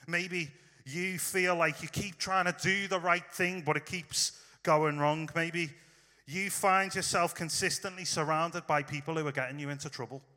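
A man's voice: fairly high pitch, sharp tone, in a large hall. A man preaching in a casual, storytelling way, talking straight to his listeners. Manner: informal, storytelling, direct address to listeners. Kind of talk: conversational sermon.

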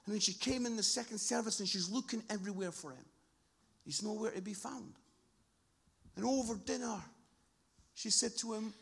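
A man preaching a sermon, telling stories with animated impressions of the people in them. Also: moderate pace, gravelly, slightly rough. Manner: animated storytelling, mimics people in high voices.

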